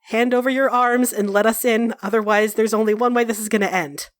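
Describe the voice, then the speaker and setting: A woman voicing a blunt male elf mage who talks forceful and defiant. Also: fairly high pitch, fairly even intonation, fairly quick, no echo, clean studio sound, lightly acted. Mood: stern.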